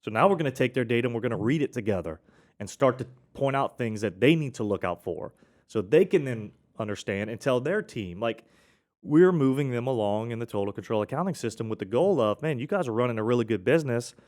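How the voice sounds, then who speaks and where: A man's voice: mid-range voice, lively intonation, brisk, a little mellow. A man hosting a casual accounting podcast, telling client stories with frequent restarts and a cough now and then. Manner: rambling, self-correcting, with frequent restarts.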